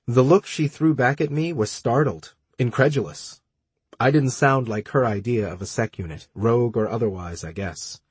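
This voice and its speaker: A man narrating a story in the first person, measured and dry, with terse dialogue. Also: mid-range voice, husky, dry recording. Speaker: audiobook narrator.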